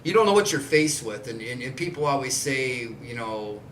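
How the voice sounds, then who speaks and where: With big pitch swings around a medium pitch and a fairly bright tone, a man in his forties hosts a podcast at a moderate pace. He rambles loosely and bluntly in casual chat, swearing often. A little hiss or hum colors the roomy, distant recording, which has faint ambience.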